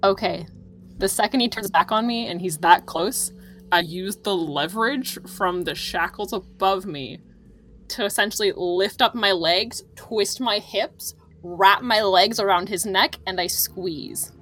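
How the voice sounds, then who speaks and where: A woman's voice: medium pitch, measured pace, a bit bright, faint music behind. A woman playing a tabletop game, eagerly describing her character's actions. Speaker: player. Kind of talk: casual tabletop play.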